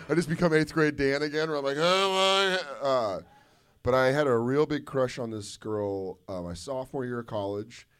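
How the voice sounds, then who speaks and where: A man's voice: mid-range voice, moderate pace, clean tone. A male comedian guest telling loose, profane stories at a live podcast taping, slipping into mocking voices. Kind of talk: loose comic storytelling.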